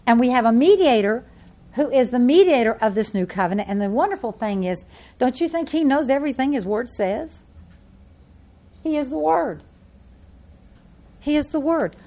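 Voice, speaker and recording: A woman preaching a sermon and reading scripture aloud, swinging between loud emphasis and hushed, soft lines. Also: fairly high pitch.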